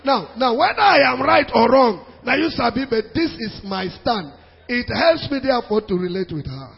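Male preacher, animated sermon delivery, high voice, muffled sound with a long hall echo. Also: moderate pace, gravelly. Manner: animated preaching with pidgin asides and laughter. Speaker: pastor. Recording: dull sound in a reverberant hall.

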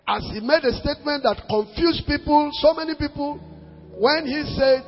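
A man preaches in a strikingly high, husky voice, pressing his points in short broken phrases and circling back to repeated refrains. His sermon rings through a church hall with a long trailing reverb, and the recording sounds dull and lo-fi. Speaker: pastor.

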